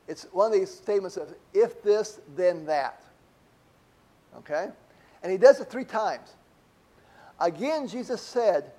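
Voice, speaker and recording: A man's voice: sits high, expressive, a little slow, long pauses, dark tone. A middle-aged man preaching a conversational sermon to a congregation, asking rhetorical questions as he talks. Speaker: pastor.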